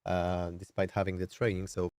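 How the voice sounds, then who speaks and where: A man's voice: low-pitched, completely flat delivery, moderate pace, darkish tone, dry recording, studio quality. A man with a nasal, somewhat strained voice, casually explaining music production on a live stream, thinking aloud with many fillers. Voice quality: nasal, throat-squeezed.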